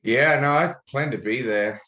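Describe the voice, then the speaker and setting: A man's voice: mid-range voice, normal speed, pushed and bright. A man from Australia with an Australian accent, a guest telling stories in a laid-back, jokey way. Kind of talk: casual interview chat. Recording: echoey, dull-sounding room.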